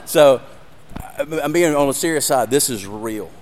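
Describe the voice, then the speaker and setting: A man's voice: mid-range voice, animated, measured pace, a little mellow, a faint crowd, a little hiss or hum. A man giving an earnest sermon with a live demonstration, speaking directly to his audience and growing emotional. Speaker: ministry speaker.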